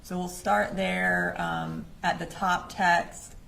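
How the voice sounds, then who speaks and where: Woman, prosecutor, measured questions, slightly low, rough edge. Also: fairly even intonation, fairly bright tone. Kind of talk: courtroom questioning. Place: courtroom.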